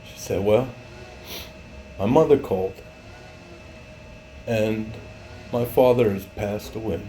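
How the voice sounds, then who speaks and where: A man with a low, dark, mellow voice tells his life testimony slowly and without a script. He halts often, restarts his sentences and fills pauses with "uh" and "um". A faint electrical hum runs under the recording. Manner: halting, with many fillers and restarts; becomes emotional, voice rising. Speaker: former truck driver giving a testimony. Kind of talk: personal testimony, unscripted. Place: home in Mexico.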